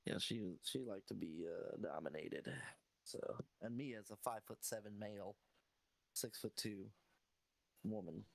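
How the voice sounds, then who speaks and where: A man co-hosting a podcast who talks in a profane, offhand, joking way while high. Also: a little slow, creaky, no echo. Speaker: podcast co-host. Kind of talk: casual chat.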